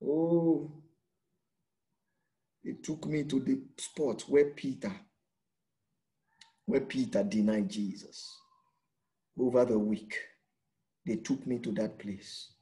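A man preaching a sermon, acting out quotes and swinging between shouts and hushed lines, repeating words for emphasis. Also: mid-range voice, fairly even intonation, takes it slowly, pauses often. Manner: dramatic, swings from loud to hushed, acts out quotes.

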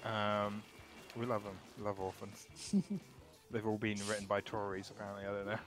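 A man's voice: lowish voice, level tone, moderate pace, over music. A man chatting casually as a guest on a game stream, making dry, laid-back remarks. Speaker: guest player. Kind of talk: casual chat while gaming.

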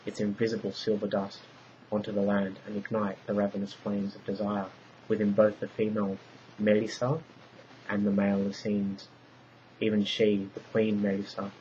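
A man narrating a story from a script in a measured, descriptive reading. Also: lowish voice, a bit bright, a little hiss or hum. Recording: dull lo-fi recording.

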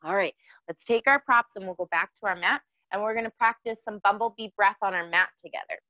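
A woman's voice: medium pitch, a little fast, no echo, muffled recording. Woman, kids yoga teacher, upbeat and encouraging, mid-range voice, dry close sound. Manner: cheerful, encouraging, asks children questions. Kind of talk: guiding a children's yoga class.

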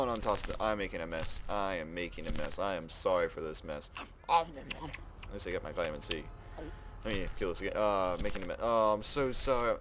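A man giving casual let's play commentary, excitably exclaiming and narrating what he does in the game. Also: sits low, slight background noise. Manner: excitable, exclaims and narrates his own actions. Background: game music.

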